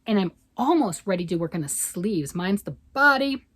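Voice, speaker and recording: An older woman, a grandmother, rambles through a casual vlog chat about knitting and yarn, frequently saying "right?". She speaks expressively at a medium pitch and moderate pace, and her tone is a bit bright. The recording is dry.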